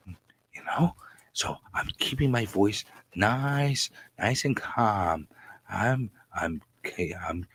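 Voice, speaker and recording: A man on a live stream doing a mock-seductive, hushed, calm voice in a low, breathy half-whisper. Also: dry recording, exaggerated voice. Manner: slow, soft, teasingly sultry. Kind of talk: live-stream comic put-on voice.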